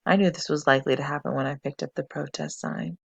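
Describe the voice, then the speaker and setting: A storybook reader voicing a calm, gentle mother who speaks softly. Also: medium pitch, fast, gravelly, breathy edge, no room sound. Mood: soothing. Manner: calm, soft-spoken. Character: calm, gentle mother, middle-aged woman.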